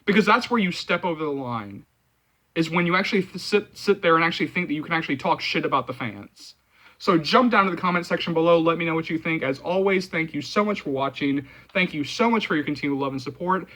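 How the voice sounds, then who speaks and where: Ranting male movie vlogger, bright tone. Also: on the high side, quick pace. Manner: heated, repetitive, heavy filler words, swears. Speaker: movie channel host. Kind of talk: ranting vlog commentary.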